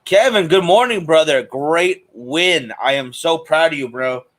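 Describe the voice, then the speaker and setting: A man's voice: fairly high pitch, unhurried, a bit bright, a little hiss or hum. A man hosting a live cigar stream in a chatty, casual way, greeting viewers by name. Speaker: host of a cigar show.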